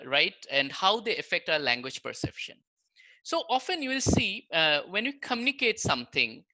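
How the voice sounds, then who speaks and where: A man's voice: high voice, pushed and bright, poor audio. A man giving an online public lecture on language, explaining with examples in a conversational way and often checking in with the listeners. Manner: conversational, explains with examples, keeps checking in with "right?" and "you know". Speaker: guest lecturer, language researcher.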